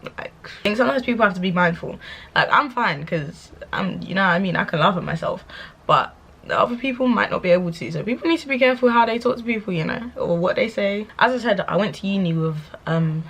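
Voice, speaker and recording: Sassy young woman, husky. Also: mid-range voice, brisk. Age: young adult. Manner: sassy and animated, laughing often. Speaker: vlogger. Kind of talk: candid rant to camera.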